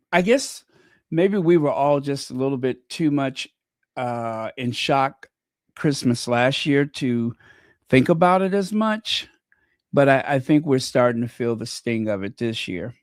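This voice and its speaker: A man's voice: mid-range voice, clear, resonant tone, no echo. A man hosting a casual livestream, chatting in a rambling way with many fillers and restarts, close to the mic. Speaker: channel host.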